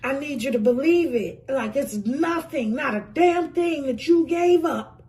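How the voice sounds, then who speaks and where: A woman's voice: sits high, lively intonation, a little slow, mellow, far from the mic. A woman giving a casual tarot reading, emphatic and effusive, swearing freely and calling the listener pet names. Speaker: tarot reader.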